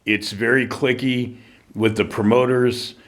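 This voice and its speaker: A man's voice: mid-range voice, level tone, unhurried. A man interviewing a wrestler, chatting casually and backing up his guest in an affirming way. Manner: laid-back, affirming, calls guest brother. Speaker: interviewer, music industry.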